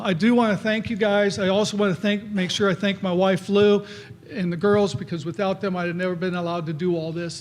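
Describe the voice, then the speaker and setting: A middle-aged man tells old coaching stories at an awards night. His voice sits fairly high, and he slips into the voices of the coaches and kids he quotes. His delivery is folksy and anecdotal. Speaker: hall of fame inductee giving a speech. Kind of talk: anecdotal acceptance speech.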